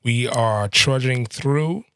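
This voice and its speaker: Animated slangy man telling stories. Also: medium pitch, slow pace, smooth. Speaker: podcast co-host. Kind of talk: casual podcast chat and storytelling.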